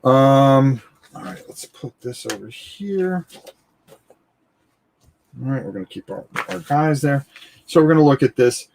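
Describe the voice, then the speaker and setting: A man hosting a live tabletop game stream, explaining rules casually and thinking aloud, often pausing on "all right" and repeating himself. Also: medium pitch, lively intonation, gravelly, a little mellow, a little hiss or hum. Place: indoors at a gaming table, filmed from overhead.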